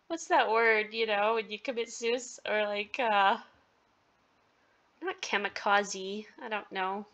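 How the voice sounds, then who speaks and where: A woman hosting a story-game playthrough with casual commentary. She is emotional and giggly and sometimes drops to a soft near-whisper. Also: medium pitch, slow pace, pauses often, muffled recording. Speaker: gaming video host. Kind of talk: casual let's-play commentary.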